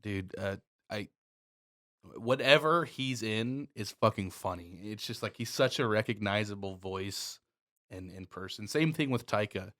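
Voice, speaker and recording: A man's voice: fairly low pitch, lively intonation, unhurried, fairly bright tone. A man co-hosting a podcast in casual chat, laid-back, swearing freely and laughing easily. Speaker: podcast co-host.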